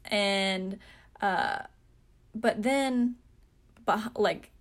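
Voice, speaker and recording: A woman's voice: medium pitch, extremely slow. A young woman hosting a podcast, telling a story in a chatty, self-mocking way with lots of fillers. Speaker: podcast host. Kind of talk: casual storytelling.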